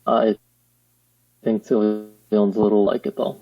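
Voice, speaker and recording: A man in a casual chat, explaining game tactics with halting restarts and fillers. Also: lowish voice, little pitch movement. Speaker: guest player. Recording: dull lo-fi dry mic.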